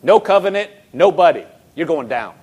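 A man preacher voicing a bold young warrior taunting a giant, in a lower and quieter voice than his own. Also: animated, moderate pace, slightly rough. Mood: defiant. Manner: defiant, taunting.

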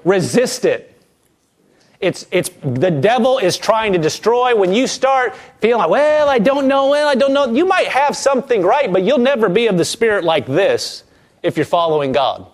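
A man preaching a sermon to a congregation, acting out quoted voices and reading scripture slowly. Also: high voice, sing-song.

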